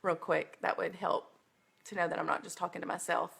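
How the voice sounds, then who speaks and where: Woman teacher, bright tone, heartfelt Bible study talk on a phone stream. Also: lowish voice, little pitch movement, fairly quick, vocal fry, breathy edge. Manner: earnest, emotional storytelling with many ums. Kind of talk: livestreamed Bible lesson.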